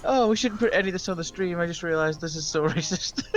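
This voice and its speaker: A man's voice: sits high, quick pace. A British man chatting casually and laughing often during a group building session. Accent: British English. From Britain. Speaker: host and builder. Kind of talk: casual gaming chat.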